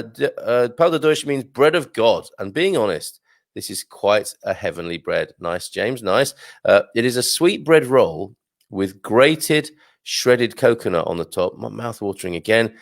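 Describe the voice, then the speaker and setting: A man's voice: fairly low pitch, gravelly, no echo, clean studio sound. A man hosting a casual live stream, chatting and reading aloud with rambling asides. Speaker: host.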